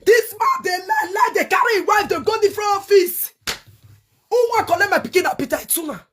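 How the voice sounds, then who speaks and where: Very high-voiced Nigerian woman ranting angrily. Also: lively intonation, a little fast, slight background noise. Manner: angry, cursing, shouts in bursts. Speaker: online show host. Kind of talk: heated rant to viewers.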